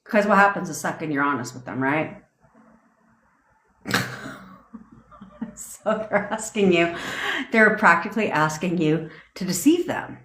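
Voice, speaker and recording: Speaking from her home desk, this woman coach livestreams a blunt, profane rant about manifestation while responding to viewer comments. Her voice sits on the low side with lively intonation and a fairly bright tone, and she talks unhurriedly with frequent pauses. The room sounds roomy and echoey.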